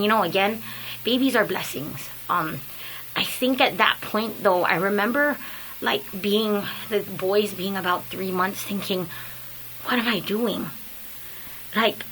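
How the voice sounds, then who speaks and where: A young woman telling her personal story in a casual, earnest and halting way, with many fillers and restarts. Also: mid-range voice, bright, forceful tone, slight background noise, poor audio. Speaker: speaker sharing a personal story.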